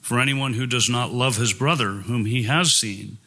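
Bright-voiced man preaching earnestly. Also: mid-range voice, moderate pace, husky. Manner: earnest, emphatic preaching with scripture quotes. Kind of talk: sermon.

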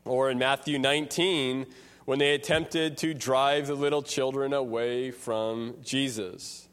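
Slow-preaching man in a reverberant hall. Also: fairly high pitch. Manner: slow, deliberate expository preaching. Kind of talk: sermon. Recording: long reverb of a large hall.

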